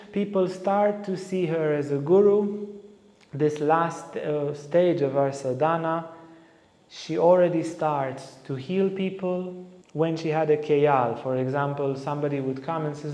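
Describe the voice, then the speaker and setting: A man teaching as a spiritual teacher, telling a story with animation and acting out the lines of the people in it. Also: fairly high pitch. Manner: animated storyteller who acts out quotes. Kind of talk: storytelling talk. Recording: echoey hall reverb.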